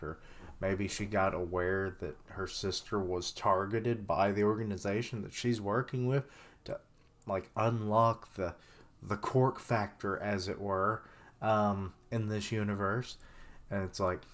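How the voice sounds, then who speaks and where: A man giving casual, rambling live reaction commentary, with many fillers and some swearing. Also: fairly low pitch. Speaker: webcomic reaction streamer.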